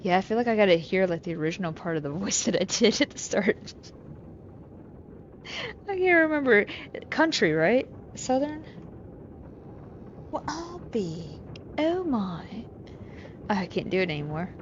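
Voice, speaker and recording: A woman's voice: mid-range voice, very animated, brisk, long pauses, highs cut off, a little hiss or hum. A woman playing a story game and chatting casually in self-mocking asides. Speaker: gamer streaming a story game. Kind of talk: casual commentary.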